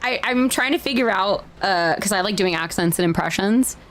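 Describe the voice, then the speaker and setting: A woman speaking as a role-play mayor. Her voice sits at an ordinary middle pitch. She is chatty and laughs often, and at times she shifts into a town hall address. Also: normal speed, fairly bright tone, slight background noise. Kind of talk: casual chat, then town hall address.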